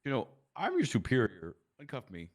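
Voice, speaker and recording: A man's voice: medium pitch, huge pitch swings, fairly quick. A man in a game roleplay, teasing and drawling.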